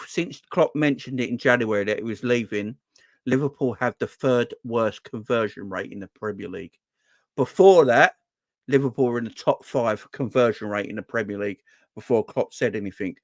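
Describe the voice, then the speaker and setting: A man hosting a football fan livestream from home at night, swearing freely, talking loudly and repeating himself as he rants to his chat. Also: medium pitch, no echo. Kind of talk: casual ranting livestream chat. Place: home at night, kids asleep.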